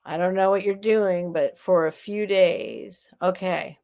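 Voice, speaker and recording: A woman hosting a live online sale at home, chatting casually and rambling with soft laughs. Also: on the low side, steady tone, measured pace, vocal fry. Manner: rambling and warm-hearted, with frequent soft laughs. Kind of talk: casual live-stream chat.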